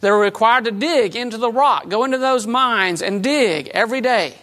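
A woman preaching a sermon in a conversational way, with light humor and emphatic swings between loud and soft. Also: fairly high pitch, normal speed, hardly any pauses.

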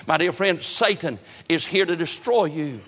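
A man's voice: a little high, expressive, normal speed, a bit bright, breathy edge, in a large hall. A man preaching a sermon with a fervent, repetitive cadence.

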